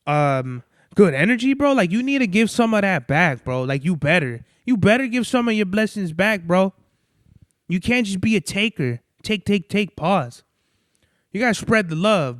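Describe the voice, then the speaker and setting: A young man with a high, smooth voice talks through a casual podcast monologue. He rambles, swears freely and loses his thread now and then. The sound is dry and close, with no room in it. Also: dry recording. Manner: rambling, profane, loses his train of thought. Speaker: podcast host.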